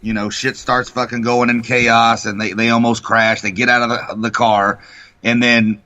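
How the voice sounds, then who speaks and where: A man co-hosting a casual morning talk show, retelling a story with heavy swearing and lively energy. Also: mid-range voice, moderate pace, dry recording. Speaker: co-host. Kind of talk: profane casual chat. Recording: dull lo-fi sound.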